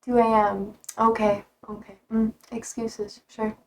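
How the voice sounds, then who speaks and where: A young woman streamer chatting casually, reading out viewer comments, blunt and quick to swear and laugh. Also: fairly high pitch, little pitch movement, a little mellow.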